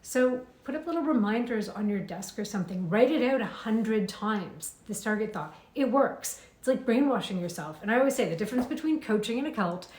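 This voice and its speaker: A woman's voice: fairly high pitch, fairly quick, few pauses. Woman coaching in a roomy space. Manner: lively, conversational, acts out inner thoughts. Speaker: mindset coach. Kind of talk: coaching talk to camera. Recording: roomy echo.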